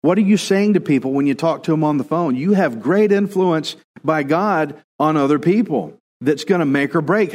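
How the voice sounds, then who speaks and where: A man's voice: a little high, a little mellow, long reverb tail. A male pastor preaching a conversational sermon, now and then acting out quoted voices.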